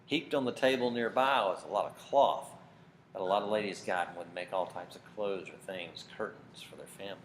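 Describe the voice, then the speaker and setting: A man telling a story to children at camp, dramatic and expressive, getting loud for big moments. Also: low-pitched, brisk. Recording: faint background noise.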